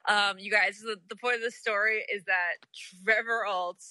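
A woman's voice: medium pitch, fairly even intonation, normal speed, pushed and bright, no echo. A young adult woman co-hosting a podcast, telling stories casually with frequent laughs and lots of "like". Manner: chatty storyteller, laughs often, lots of "like". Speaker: podcast co-host. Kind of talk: casual chat.

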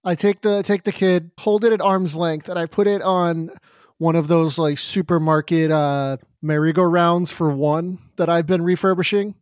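A man's voice: on the high side, fairly even intonation, moderate pace, smooth, no room sound, studio quality. A man playing a tabletop game, describing things casually with lots of fillers. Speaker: player.

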